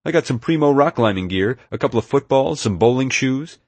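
A man's voice: medium pitch, expressive, brisk, no room sound, voice pushed up. A man voicing a big, strong, cocky teenage boy who talks smugly. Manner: smug, proud.

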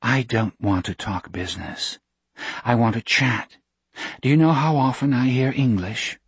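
A man reading a soft-spoken woman missionary doctor who talks slowly and weighs every syllable. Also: medium pitch, husky, dry recording. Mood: gentle.

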